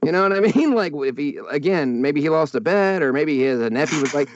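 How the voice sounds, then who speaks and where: A man in casual chat, animated and laughing often as he rants. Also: a little high, brisk, few pauses, muffled recording, noisy background.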